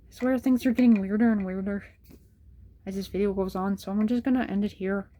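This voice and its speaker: A woman's voice: mid-range voice, steady tone, fairly quick, mellow. A young woman telling a rambling, self-interrupting storytime about childhood nightmares, with nervous laughs. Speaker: channel host.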